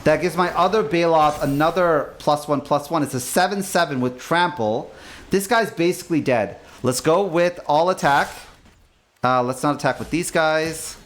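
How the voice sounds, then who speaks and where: A man's voice: fairly high pitch, moderate pace. Playful VTuber man narrating his card game. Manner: playful, jokey, talks to chat. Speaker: VTuber streamer. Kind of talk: casual gameplay commentary. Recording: faint music behind.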